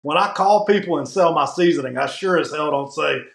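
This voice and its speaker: A man's voice: a little high, a little fast, creaky, a bit bright, echoey room. A man from Alabama with a Southern US accent, chatting easily on a podcast about barbecue. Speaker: barbecue content creator. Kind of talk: casual chat.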